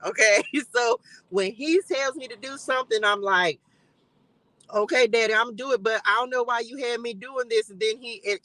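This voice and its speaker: A woman's voice: mid-range voice, fairly bright tone, no echo, rough recording. A woman hosting a live stream from her car, giving fervent, repetitive faith encouragement with bursts of laughter. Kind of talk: casual spiritual encouragement talk. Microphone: live-stream device mic.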